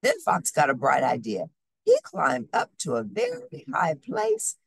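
A woman reading a children's storybook aloud, telling it in a slow, expressive way. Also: deep voice, creaky, husky, dry recording. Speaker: storybook reader.

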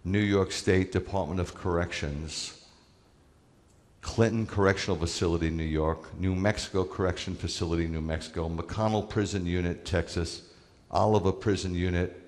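A man's voice: low voice, fairly even intonation, moderate pace, in a large hall. A man giving a sermon as a rabbi, talking conversationally and stressing his points to the congregation. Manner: conversational, emphatic preaching with asides to the congregation.

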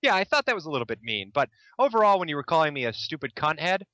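A young man with a fairly high, lively voice that rises and falls as he mocks a video with sarcastic, deadpan jabs. His tone is bright and the sound is dry and close. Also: quick pace, no echo. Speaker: commentator mocking a video. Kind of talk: sarcastic commentary over a clip.

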